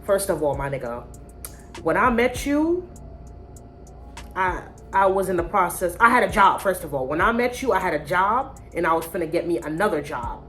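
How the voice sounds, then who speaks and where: A woman vlogger telling a casual storytime, blunt, profane and animated. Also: fairly low pitch, moderate pace, soft background music.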